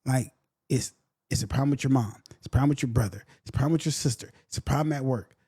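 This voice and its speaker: A man hosting a podcast in casual, blunt commentary. He repeats his points and briefly mocks other people in quick voices. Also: medium pitch, mellow, slightly rough. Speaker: podcast host.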